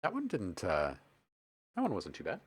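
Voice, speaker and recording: This livestream host and music producer has a fairly low, slightly rough voice and speaks at a moderate pace. The recording is dry, with clean studio sound. Relaxed and enthusiastic, he works on music, reads chat comments aloud, and thinks out loud.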